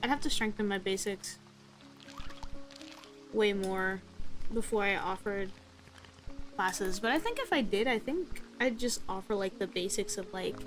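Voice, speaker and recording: A woman's voice: medium pitch, unhurried, pauses often, over music, poor audio. A young woman streaming while she draws, chatting casually in a rambling, self-deprecating way full of fillers. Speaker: art streamer.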